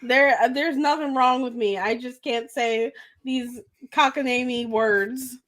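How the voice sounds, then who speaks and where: A woman's voice: a little high, steady tone, a little slow, fairly bright tone. A woman co-hosting a podcast in casual chat, rambling and giggling and tripping over words. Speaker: podcast co-host.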